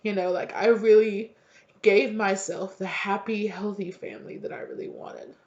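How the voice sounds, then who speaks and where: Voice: medium pitch, fairly even intonation, normal speed, darkish tone, a little hiss or hum. A tarot reader talks through a casual reading in a mid-range voice that is heartfelt and rambling, full of fillers and the odd swear. The sound is dull and lo-fi.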